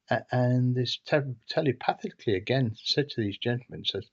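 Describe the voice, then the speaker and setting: A man's voice: medium pitch, normal speed, hardly any pauses. A man telling a story casually, in a hesitant, rambling way with frequent restarts. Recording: dull lo-fi recording.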